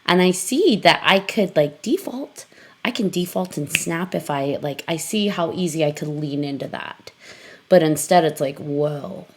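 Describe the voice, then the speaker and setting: A woman hosts a casual podcast chat, thinking out loud about family and habits. Her voice is notably low for a woman, and she leans heavily on "like" as she circles around her points. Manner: reflective, heavy use of "like", quick interjections. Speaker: podcast host.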